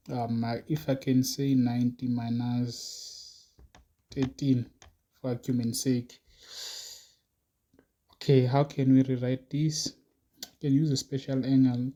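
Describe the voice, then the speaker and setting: Male math teacher, very dark mellow tone, flat delivery, unhurried. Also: mid-range voice. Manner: slow, musing, talks to students as he works. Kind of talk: recorded math lesson.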